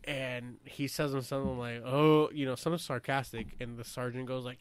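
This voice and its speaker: A man telling profane, laughing stories about his time as a young Marine, acting out the people he quotes in loud bursts. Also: mid-range voice, fairly even intonation, fairly quick, hardly any pauses, clear, resonant tone. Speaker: veteran telling war stories. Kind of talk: casual storytelling chat.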